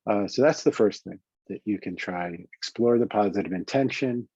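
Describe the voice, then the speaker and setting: A man with a New York accent talks through coaching exercises in a calm, reflective manner, often pausing and restarting. His voice sits low and mellow. The recording is dry and a little dull. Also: husky, no room sound. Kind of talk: self-help teaching talk.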